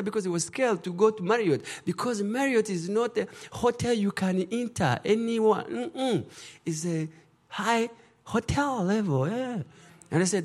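Middle-aged male pastor, fairly high pitch, very animated delivery, emotional storytelling. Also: measured pace. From Rwanda. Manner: emotional storytelling in broken English. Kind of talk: testimony preaching.

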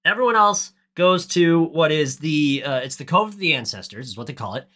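A man's voice: on the high side, animated, a little fast, pushed and bright. A man co-hosting a podcast, recapping a movie in casual chat with a ranty, profane, sarcastic manner. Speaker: podcast co-host.

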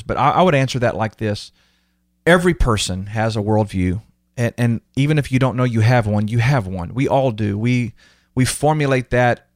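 In a dry, studio-quality recording, a podcast host with a mid-range male voice tells personal stories in a casual, conversational way. He's earnest and emotional, bringing other people's words to life through animated retellings.

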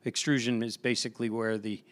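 A man's voice: medium pitch, little pitch movement, a little fast. A man, a pastor, chatting on a podcast and telling a work story with lots of restarts and repeated words. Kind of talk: casual podcast conversation.

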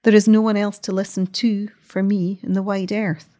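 A woman voicing a distressed, weary noblewoman who speaks low, with a moan in her voice, in a read-aloud story. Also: level tone, normal speed, warm tone, natural voice. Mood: anguished. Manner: low and moaning.

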